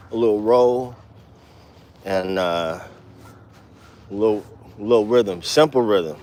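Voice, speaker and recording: A man teaching bass in a casual walk-and-talk outdoors, talking blunt street slang with cursing and counting beats out loud. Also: takes it slowly, pauses often. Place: outdoors, walking.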